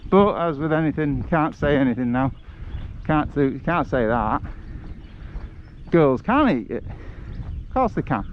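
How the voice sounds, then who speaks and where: A man's voice: fairly high pitch, lively intonation, measured pace, narrow, tinny audio, a little hiss or hum. A man chatting and joking while he livestreams a walk through the countryside. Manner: chatty, jokey storyteller who laughs at his own stories. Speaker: travel livestreamer. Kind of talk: casual chat on a livestreamed walk. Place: outdoors in the countryside.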